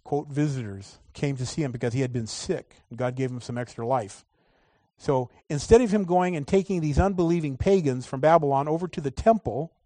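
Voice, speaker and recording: A man's voice: a little high, dry recording. Dynamic male preacher, dry sound. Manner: dynamic preaching, swings between loud emphasis and quiet asides. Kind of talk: sermon.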